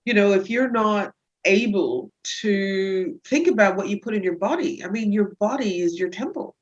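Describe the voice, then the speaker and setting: A woman chiropractor talking about her patients as a guest on a casual podcast interview, telling stories with lively energy. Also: moderate pace, muffled recording. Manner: lively storyteller who acts out patients in high voices.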